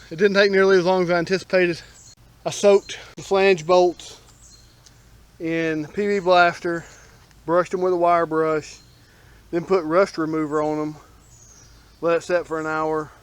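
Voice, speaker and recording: A fairly high-pitched man talks through his own car repair out in the open. His tone is casual and blunt, with a wry, grumbling edge about other people's poor work. It sounds like a hands-on DIY vlog. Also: clear, resonant tone. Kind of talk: casual how-to narration. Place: outdoors working on a Jeep.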